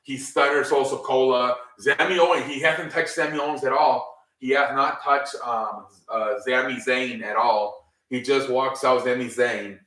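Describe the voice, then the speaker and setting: A man's voice: medium pitch, fairly even intonation, unhurried, a bit bright. A man casually recapping a wrestling show on his own, rambling, with lots of ums and casual swearing. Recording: echoey room, distant mic.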